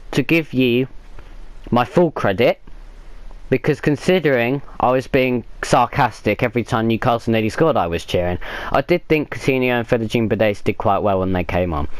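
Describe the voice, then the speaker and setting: A man's voice: mid-range voice, dry recording. A man giving a sarcastic, blunt rant as a football fan reacting to a match.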